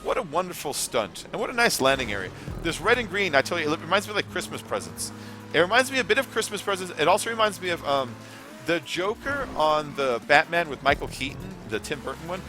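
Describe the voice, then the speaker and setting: A man's voice: on the high side, sing-song, brisk, over music. A man hosting a live gameplay stream, chatting in a rambling, casual way, swearing now and then and reading chat messages aloud. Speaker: gaming livestream host.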